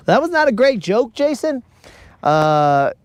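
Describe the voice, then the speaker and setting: A very high-pitched American man chats casually on his fishing livestream, reading live comments with rambling jokes and long teasing. There's no room sound in the recording.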